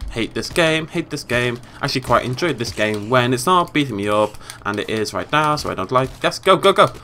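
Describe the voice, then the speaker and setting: An excitable British man commentates a video game, his voice bright and bouncing all over the place as he shifts from frustrated shouts to muttered asides. Faint hiss sits behind him. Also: mid-range voice, a little fast, hardly any pauses. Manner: exasperated, swinging from yelling to muttering. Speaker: gameplay commentator. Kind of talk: let's play commentary.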